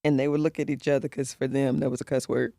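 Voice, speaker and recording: A woman's voice: a bass voice, little pitch movement, quick pace, gravelly, warm tone, dry recording, clean studio sound. A middle-aged woman co-hosting a podcast, telling a personal story in candid casual conversation and acting out the voices of the people she quotes. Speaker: podcast co-host.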